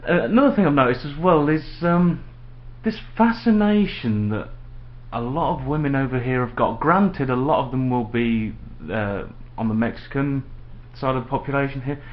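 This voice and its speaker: A man's voice: medium pitch, moderate pace. A man ranting sarcastically to camera in a casual vlog at home. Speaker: vlogger. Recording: dull lo-fi home video with faint noise.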